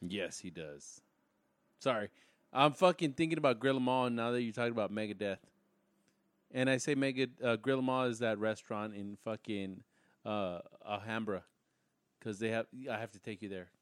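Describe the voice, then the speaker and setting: A man's voice: fairly low pitch, moderate pace, no room sound. A man co-hosting a casual podcast, laid-back and swearing freely. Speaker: podcast co-host. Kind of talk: casual chat.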